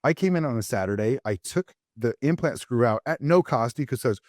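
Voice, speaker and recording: A man's voice: mid-range voice, lively intonation, a little fast, few pauses, a little mellow, no echo. Male dentist co-host, loose and self-mocking, mid-range voice, dry close mic. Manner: rambling, many fillers and restarts, self-deprecating. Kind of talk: casual storytelling chat.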